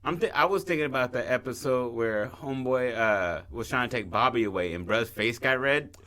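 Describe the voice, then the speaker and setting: A man's voice: medium pitch, fairly quick, sharp tone. A man co-hosting a podcast, joking in casual chat, laughing and acting out quoted voices. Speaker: podcast co-host.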